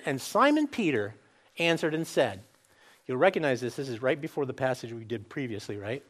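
A man preaching a sermon, asking the listeners questions and acting out scripture quotes in lively voices. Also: medium pitch, a little fast.

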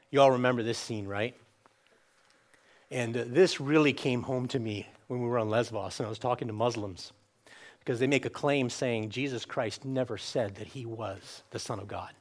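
A man preaching a sermon, asking the listeners questions and acting out scripture quotes in lively voices. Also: mid-range voice.

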